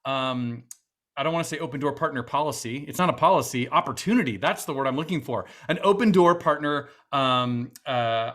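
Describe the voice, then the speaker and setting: A man's voice: on the high side, fairly bright tone. A man with a Boston accent hosting a virtual fundraiser, chatty and upbeat with many fillers. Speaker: event host.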